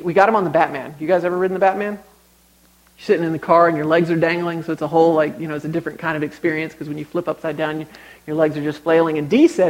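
A man's voice: on the high side, poor audio. A young man preaching a sermon, telling stories conversationally and building to emphatic exhortation.

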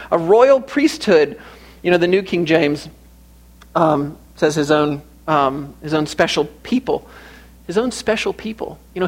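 A man preaching a sermon in an earnest way, often repeating phrases for emphasis. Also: sits high.

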